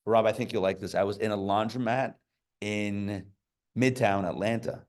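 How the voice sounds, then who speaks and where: Chatty rabbi giving a relaxed class. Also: male voice, fairly low pitch, moderate pace. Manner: chatty, joking asides, many fillers and restarts. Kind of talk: casual Torah class with stories. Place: live class before an audience.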